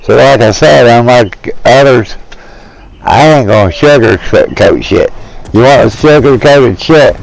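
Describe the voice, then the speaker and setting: A man, ranting bluntly and profanely with many halting restarts. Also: medium pitch, animated, poor audio. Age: 50s. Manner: blunt, profane, rough-spoken. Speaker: streamer. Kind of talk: rambling opinion rant.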